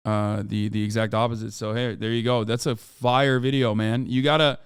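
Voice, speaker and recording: Rambling male streamer with a crisp voice. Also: lowish voice, flat delivery, normal speed, no echo, studio quality. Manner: rambling, restarts often, swears casually. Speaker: streamer reacting to a video. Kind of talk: casual live-stream reaction.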